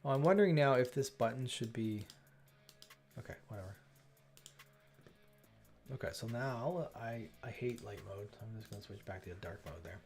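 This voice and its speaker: A man talks through his coding on a livestream, chatty and self-interrupting, and he exclaims when things work. His pitch swings widely. Faint music plays in the background. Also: lively intonation, normal speed, pauses often, darkish tone. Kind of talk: thinking aloud while coding.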